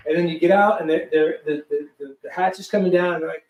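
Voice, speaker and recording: A high-voiced man spins a lively, profane anecdote as a guest, tripping over restarts as he goes. He sits some way off the mic, and the room rings around him. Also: fast talker, echoey room, recorded from a distance, rough recording. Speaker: guest producer. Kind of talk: animated storytelling.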